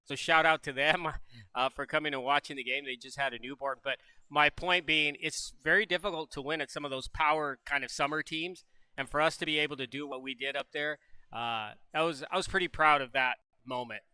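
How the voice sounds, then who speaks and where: Older male coach, folksy and halting postgame talk, bright, clear voice. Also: fairly high pitch, steady tone, no echo. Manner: folksy, halting, restarts often. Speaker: head coach. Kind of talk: postgame interview.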